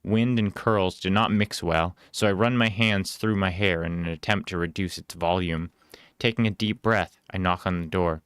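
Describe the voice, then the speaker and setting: A man reading a storybook aloud in a plain, unhurried way with small casual asides. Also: sits low, steady tone, fairly bright tone, clean tone, no room sound, clean studio sound.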